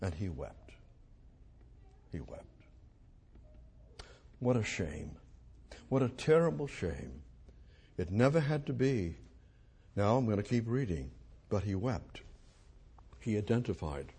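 Husky-voiced man preaching a sermon. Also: fairly low pitch, big pitch swings. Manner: swings from hushed to loud emphasis, slow dramatic phrasing. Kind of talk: expository sermon reading scripture.

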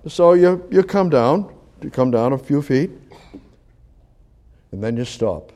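A man preaching a sermon who teaches conversationally, repeats his phrases, and swings from loud emphasis to quiet asides. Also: mid-range voice, animated, slow.

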